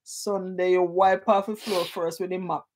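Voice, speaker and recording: A Jamaican woman in her fifties co-hosting a casual live-chat quiz, chatty and teasing, quick to laugh. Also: on the low side, little pitch movement, a loud crowd. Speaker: quiz co-host.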